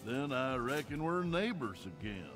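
An actor playing a gruff, drawling creature neighbor in a video game, taunting in a cowboy-like way. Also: male voice, medium pitch, very animated, moderate pace, lightly acted. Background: game music.

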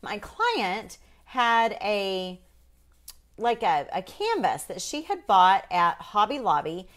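A woman's voice: mid-range voice, big pitch swings, slow pace, fairly bright tone. A woman hosting a casual live painting demonstration, chatting folksily with viewers.

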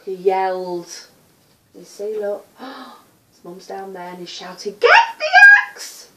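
A woman teacher reading a story aloud to young children in an animated, dramatic way, gasping as she goes. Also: medium pitch, slow. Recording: roomy sound from far off.

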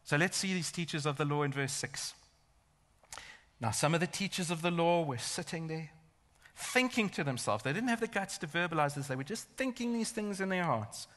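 A man's voice: on the high side, animated, normal speed, fairly bright tone. A man preaching a sermon in a church, emphatic and building to intense rhetorical questions. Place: large church hall. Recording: long church hall reverb.

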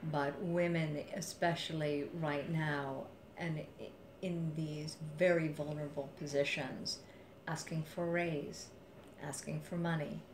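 A woman investor telling a story in an interview, acting out the dialogue and building to forceful emphasis. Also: low voice, a little slow. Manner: animated, quotes others in dialogue, rises to forceful emphasis. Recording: echoey room with faint ambient noise.

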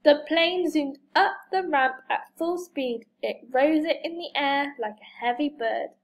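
A woman reading a children's storybook aloud, slow and expressive, lifting her voice for each character's lines. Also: high voice, rough recording. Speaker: reader.

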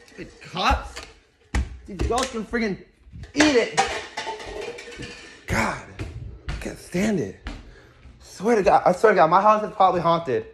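A man's voice: sits high, expressive, measured pace, long pauses, background noise. A young man in a casual comedic monologue at home, jumpy and slangy, often exclaiming. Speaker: comedy skit creator. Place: at home indoors.

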